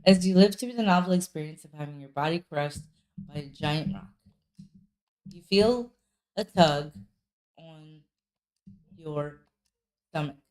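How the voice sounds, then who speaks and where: A woman's voice: sits low, measured pace, pauses often, rough recording. Woman dramatically reading game text. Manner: dramatic, expressive read of second-person narration. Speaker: let's player.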